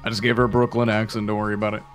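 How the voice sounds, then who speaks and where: A man's voice: fairly low pitch, level tone, racing, soft background music. A man reviewing a video game, talking in a casual, rambling way while he plays. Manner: rambling, easygoing. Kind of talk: casual gameplay commentary.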